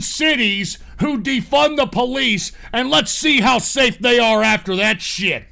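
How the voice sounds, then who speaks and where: A high-pitched man with a gravelly, rough edge and a sharp, tense tone. He rants in a profane, angry stream and keeps breaking into loud shouted outbursts. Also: unhurried, hardly any pauses. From Texas. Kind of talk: angry political rant.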